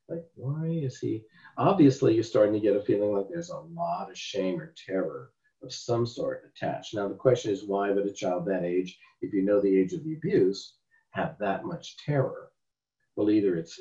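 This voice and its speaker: Lower-voiced man teaching in a roomy space. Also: mellow. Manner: conversational, acts out client dialogue. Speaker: therapy teacher. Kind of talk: teaching a class. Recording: roomy, dull lo-fi sound.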